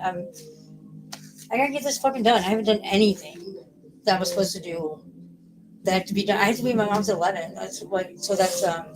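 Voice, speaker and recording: Woman streamer, rambling casual chat, lots of swearing, loud music behind. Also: mid-range voice, poor audio. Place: at home. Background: loud music playing.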